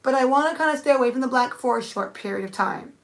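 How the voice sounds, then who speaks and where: A woman's voice: sits high, fast. A young woman thinking aloud in a rambling, casual live-stream chat, answering viewers with many restarts. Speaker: nail art streamer.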